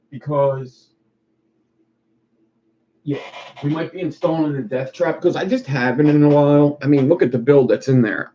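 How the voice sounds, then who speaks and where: A man's voice: mid-range voice, dark tone, a little hiss or hum. A man chatting casually on a live stream while he builds, rambling and profane. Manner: rambling, profane, laid-back. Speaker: streamer making wire art. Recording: lo-fi muffled recording.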